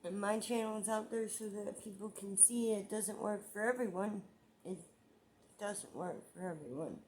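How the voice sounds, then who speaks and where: A woman's voice: mid-range voice, normal speed, noisy background. A woman vlogging about her own life in a rambling, emotional monologue, repeating herself as she gets frustrated. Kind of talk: emotional personal vlog monologue.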